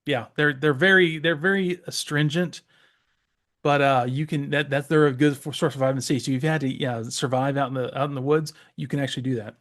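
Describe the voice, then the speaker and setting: A man's voice: mid-range voice, steady tone, fairly quick, fairly bright tone. A man from the Southeastern US co-hosting a casual podcast, rambling with many fillers and restarts. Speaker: podcast co-host. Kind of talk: casual chat.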